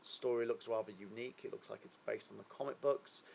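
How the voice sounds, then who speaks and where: A man's voice: lowish voice, steady tone, brisk, vocal fry, a little mellow, a little hiss or hum, poor audio. A man hosting a live stream, chatting casually and rambling through his opinions while asking viewers questions; he sounds a little unwell.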